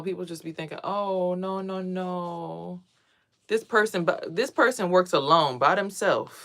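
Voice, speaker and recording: A young adult woman, a spiritual vlogger, talking casually and bluntly to camera with lots of swearing, getting louder as she gets worked up. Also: fairly low pitch. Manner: blunt, profane, ranting; animated, swings louder when worked up.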